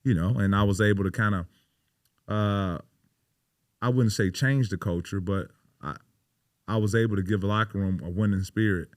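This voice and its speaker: A man in his thirties, a pro basketball player guesting on a podcast, tells stories in a casual, emphatic way, swearing a lot and leaning on "you know." His voice is fairly low with fairly even intonation, a moderate pace and long pauses. The recording is dry, with clean studio sound.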